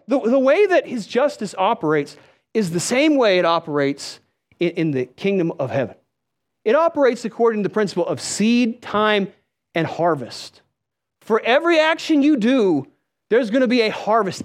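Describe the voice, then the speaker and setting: A man preaching a sermon, telling stories with lively delivery and calling out questions to the congregation. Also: high voice. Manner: storytelling, animated, calls out to the crowd.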